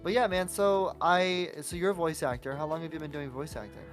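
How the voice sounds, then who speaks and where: A man's voice: a little high, fairly even intonation, fairly quick, faint music behind. A man hosting a podcast interview, talking casually and giving an encouraging, motivational pep talk. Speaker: podcast host.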